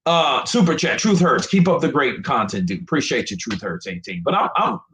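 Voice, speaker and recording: A man talks straight into his stream, frustrated and emphatic, repeating himself as he swears his way through a rant. His pitch jumps around a lot, and the room behind him is echoey. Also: expressive, fairly quick, a bit bright, slight background noise. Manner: emphatic, profane, repetitive. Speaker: boxing commentator streamer. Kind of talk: live stream commentary rant.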